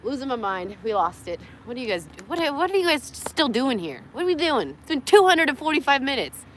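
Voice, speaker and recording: Lively, crude-joking young woman livestreaming. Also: high voice, fairly quick, slight background noise. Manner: joking, crude, laughs often, coos at her dogs. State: tired. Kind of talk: rambling livestream chat. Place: parked car in a parking lot.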